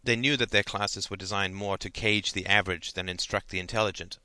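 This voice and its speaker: A man reads a novel aloud in an even, measured voice with a dry wit. His tone is strikingly bright and crisp, with a fairly low pitch and a dry, close sound. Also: dry recording. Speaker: narrator. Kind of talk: audiobook narration.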